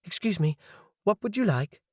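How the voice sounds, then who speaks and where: A male audiobook narrator voicing a young female serving girl who is brisk and polite. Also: high-pitched, animated, slightly rough, no room sound, clean studio sound, voice pushed up. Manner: briskly polite, quoting rules.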